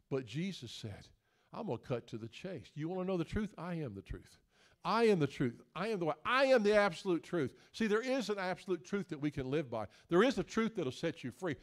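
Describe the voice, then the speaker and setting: A male preacher, speaking in a fairly high voice. He moves between folksy asides and jokes and emphatic, rising preaching. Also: a little mellow. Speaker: guest preacher. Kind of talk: sermon.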